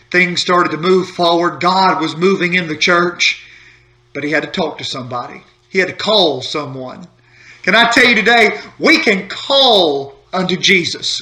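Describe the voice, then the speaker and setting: A man's voice: high-pitched, bright, forceful tone. A man giving a short devotional sermon, telling a story in a folksy, repetitive, building way. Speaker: pastor. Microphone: holding a phone while speaking to camera.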